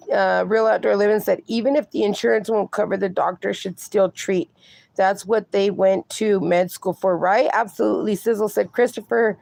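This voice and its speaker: Gravelly-voiced woman chatting on a livestream. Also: mid-range voice, a little mellow, no room sound. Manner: chatty, swears casually, reads viewer comments aloud. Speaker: livestream host reading chat. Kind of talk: casual livestream chat.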